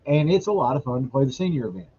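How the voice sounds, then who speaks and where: A man's voice: mid-range voice, expressive, racing, mellow, husky. A man talking casually and plainly about playing poker events. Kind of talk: casual chat. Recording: dull lo-fi audio with faint noise.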